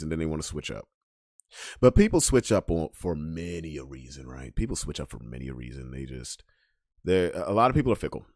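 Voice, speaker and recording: A man talks straight into a close, dry microphone in a casual podcast rant. His pitch swings widely as he goes from loud, pointed emphasis to low muttering asides. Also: no echo. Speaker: podcast host.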